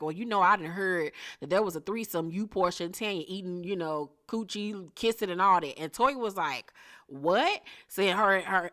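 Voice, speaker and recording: Sassy woman doing a reality tv recap, blunt and cussing a lot, jumps way up high when something shocks her. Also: a bit bright. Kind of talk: casual recap commentary.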